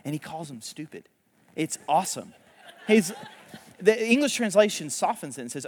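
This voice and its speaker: A man preaching a sermon, retelling a story in a casual, animated way with laughs and quick asides. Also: a little high, long reverb tail, a little hiss or hum. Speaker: pastor.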